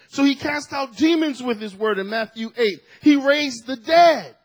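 A middle-aged male pastor preaching a sermon, swinging from shouted emphasis to hushed asides. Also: extremely high pitch, animated, unhurried, poor audio.

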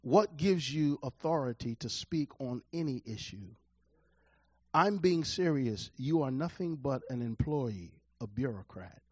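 A male pastor delivering a sermon, repeating his key phrases and swinging from quiet, measured lines to loud, emphatic ones. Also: mid-range voice, animated, slightly rough, no echo, dull audio.

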